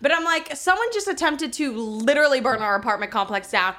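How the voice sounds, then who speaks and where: Young woman, podcast co-host, casual chat, swears a lot, animated storytelling, slightly high voice. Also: fairly quick. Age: young adult.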